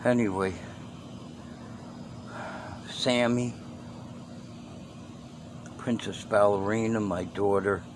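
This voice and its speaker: A vlogger with a fairly low voice speaks very slowly into a handheld phone outdoors among stray cats, drifting between thoughts, trailing off and starting again. The phone audio clearly picks up a steady hum of air conditioning and cars passing behind him.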